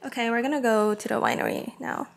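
A woman's voice: a little high, fairly even intonation, fast, gravelly, noisy background. A young woman vlogging in a chatty, upbeat, casual way, full of fillers. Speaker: lifestyle vlogger. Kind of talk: casual vlog chat. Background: music.

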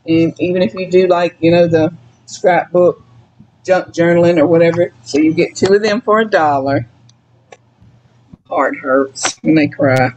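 A woman's voice: on the low side, low-quality recording. A middle-aged woman with a Southern US accent, chatting emotionally and folksily while selling items on a live sale. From Mississippi. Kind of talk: casual live sale chat.

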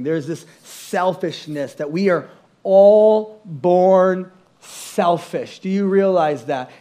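A middle-aged male pastor with a high, light voice, preaching from a church stage. He tells comic stories about himself, jumps into little voices and sound effects, and pokes fun at his own habits. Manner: animated, self-mocking, acts out voices and sounds. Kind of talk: storytelling sermon.

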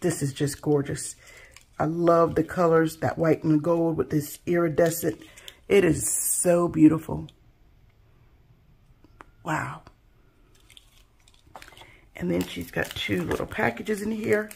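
A woman with a husky, slightly gravelly voice talks softly to her viewers as she unboxes handmade craft pieces. She gushes over every detail in a relaxed, casual way, her words trailing off into quiet admiration. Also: sits low, measured pace. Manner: soft-spoken, gushing, admiring. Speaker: craft channel host.

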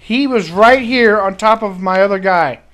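A high-pitched man gives running commentary over his shooter game. He grumbles, swears and yelps in exasperated bursts as the match goes badly. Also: moderate pace, a bit bright. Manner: frustrated, swearing, outbursts. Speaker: gaming commentator. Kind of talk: live gameplay commentary.

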